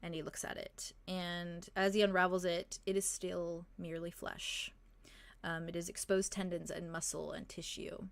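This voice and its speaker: Low, gravelly woman game master. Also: little pitch movement, moderate pace, no echo. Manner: hesitant, lots of "um" and "like". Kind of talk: narrating a tabletop game.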